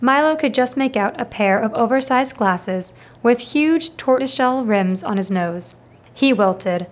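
A woman's voice: on the high side, animated, a little slow. Woman reading a children's novel aloud. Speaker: audiobook reader. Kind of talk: scripted storybook narration.

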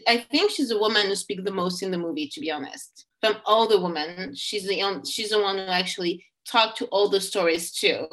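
A woman's voice: mid-range voice, a little fast, hardly any pauses, a bit bright, low-quality recording. A woman in casual podcast chat about a film, speaking hesitantly with many fillers as she thinks aloud.

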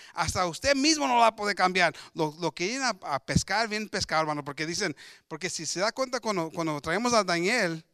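In a bilingual sermon, a man with a high, sharp, clear, and resonant voice reads scripture and explains it in his own words, switching between English and Spanish. He repeats himself and restarts often, and the recording is clean studio audio with no echo.

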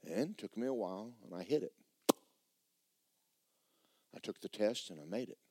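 A man preaching a sermon, telling stories in an animated, repetitive way. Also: lowish voice, moderate pace, slightly rough, no room sound.

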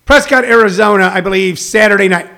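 Gravelly older man, rambling chat. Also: high voice, quick pace, sharp tone. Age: 60s. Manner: rambling, plugs shows, reads viewer comments. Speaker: comedian hosting a livestream. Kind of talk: casual chat. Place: home.

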